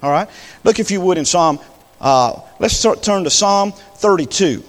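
Fiery preacher in a reverberant church. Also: male voice, expressive, measured pace. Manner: impassioned, swings from low talk to high shouts. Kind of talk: sermon. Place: church sanctuary.

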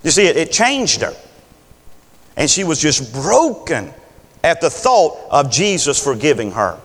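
A man preaching a sermon with lively delivery, acting out the voices of biblical figures. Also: fairly high pitch, a little slow, in a large hall.

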